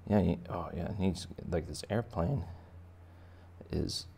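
Low gravelly guy teaching kids to draw, playful and chatty. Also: measured pace, mellow, a little hiss or hum. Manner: playful, chatty, talks to children directly. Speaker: art teacher. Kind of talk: step-by-step drawing lesson for kids.

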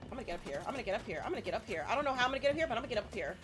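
A woman giving excitable let's play commentary, repeating herself and swearing playfully as she plays. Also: a little high, very fast, faint music behind. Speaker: gaming streamer.

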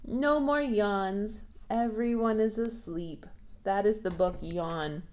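Brief: female toddler-storytime librarian, very slow, sing-song read-aloud. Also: medium pitch. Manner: sing-song, animated, slow and clear for small children. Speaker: children's librarian.

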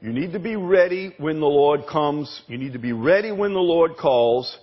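A man preaching a sermon as pastor, emphatic, repeating words and asking the congregation questions, with a husky voice. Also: fairly high pitch, moderate pace, highs cut off. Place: church sanctuary.

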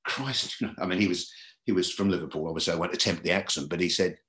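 A very low-pitched man talks through his early working years in a podcast interview. He rambles and repeats himself as he goes. The room adds a noticeable echo to his voice. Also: steady tone, very fast, fairly bright tone. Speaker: comedy club booker and comedian. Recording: roomy echo.

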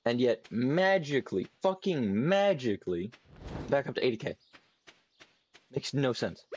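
A man's voice: medium pitch, sing-song, a little slow, dull audio, slight background noise. A young man streaming a farming game, chatting casually and rambling to himself with lots of swearing. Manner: profane, rambling, talks to himself. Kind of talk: casual gameplay commentary. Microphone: desk mic with webcam.

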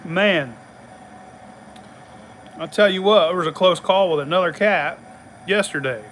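A man's voice: sits high, measured pace, a bit bright, slight background noise. A middle-aged man, telling a rambling, profane story in casual chat and laughing along the way. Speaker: channel host.

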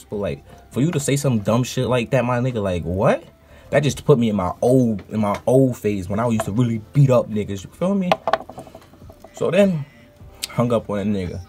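Husky-voiced man ranting. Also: medium pitch, brisk. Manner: animated, profane storytelling. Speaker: streamer. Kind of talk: casual vlog rant.

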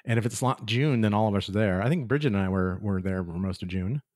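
A man co-hosting a casual podcast chat, talking in a relaxed, halting way with many fillers. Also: fairly low pitch, no room sound, studio quality. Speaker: podcast co-host.

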